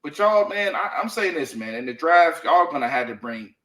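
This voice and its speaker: A man's voice: fairly high pitch, big pitch swings, moderate pace, a bit bright, echoey room, low-quality recording. A man co-hosting a casual sports talk show, blunt and profane, leaning on "man" and "you know what I mean.". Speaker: sports podcast co-host.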